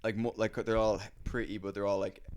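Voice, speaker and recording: A man's voice: lowish voice, flat delivery, brisk, darkish tone, slight background noise. A man hosting a comedy podcast, telling a rambling story in casual chat, acting out quoted voices and swearing freely.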